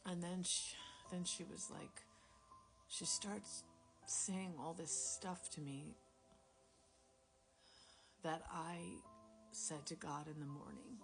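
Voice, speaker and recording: Low-voiced woman telling a rambling testimony. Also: steady tone, takes it slowly, long pauses. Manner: rambling, self-deprecating, with quiet whispered stretches. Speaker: Christian storyteller sharing a testimony. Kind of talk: casual spoken testimony. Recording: music playing clearly behind the voice.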